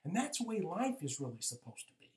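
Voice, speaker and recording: A man in his fifties coaching listeners in a relaxed, rambling spiritual talk, circling back with "right?" between thoughts. His voice sits a little high for a man. The room around him rings with a clear echo. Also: fast. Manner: conversational, with frequent "right?" asides and restarts. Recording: echoey room.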